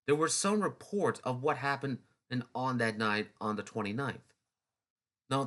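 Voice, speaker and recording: A man's voice: medium pitch, fairly bright tone. A man narrating a history video in a loose, chatty way, with restarts and snarky asides. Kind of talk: casual unscripted history talk.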